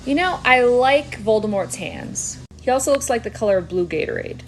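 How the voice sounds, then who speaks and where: A woman's voice: fairly high pitch, animated, moderate pace, slight background noise. A young woman giving comedic reaction commentary, wry and playful, full of sarcastic asides. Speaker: YouTuber.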